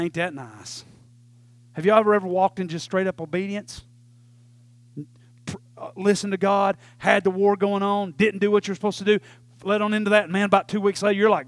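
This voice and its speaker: Animated high-voiced preacher man. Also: vocal fry, no room sound. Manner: animated preaching, swings from loud to hushed, talks to congregation. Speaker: pastor. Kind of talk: sermon. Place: church.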